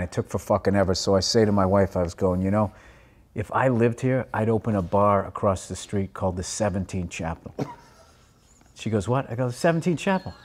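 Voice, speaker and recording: A man, a comedian, telling a story on a podcast in a gruff, low voice. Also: darkish tone.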